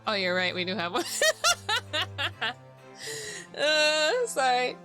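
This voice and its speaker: A woman's voice: a little high, expressive, takes it slowly, over loud music. A woman streamer chatting casually while playing a game, giggling and swearing freely. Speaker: VTuber streamer.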